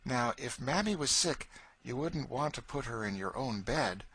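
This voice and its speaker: A man's voice: mid-range voice, expressive, normal speed, a bit bright, slightly rough, voice pushed up. A man voicing a fussy, peevish lady of the house who speaks in a prim, complaining way.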